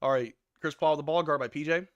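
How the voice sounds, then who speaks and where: A man hosting a live watch-along stream, calling plays and reacting loudly with hype shouts on big moments. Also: fairly high pitch, fast, no room sound, highs cut off. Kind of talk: excited live game commentary.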